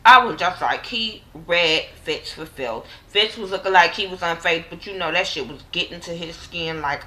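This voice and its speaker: A woman's voice: fairly low pitch, moderate pace, few pauses, pushed and bright, slight background noise, rough recording. A woman casually recapping a TV drama episode with slang and profanity, acting out the characters' lines in quotes. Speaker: TV show reviewer.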